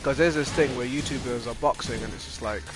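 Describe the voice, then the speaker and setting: A man hosting a gaming channel, chatting casually while he plays and getting loudly worked up when he loses. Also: medium pitch, fast. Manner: excitable, gets loudly worked up over losses. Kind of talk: casual gameplay commentary. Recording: game music under the voice.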